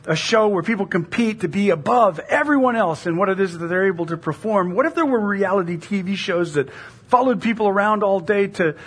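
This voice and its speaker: A middle-aged woman pastor preaching a sermon in a conversational, animated way, full of rhetorical questions. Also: mid-range voice, husky.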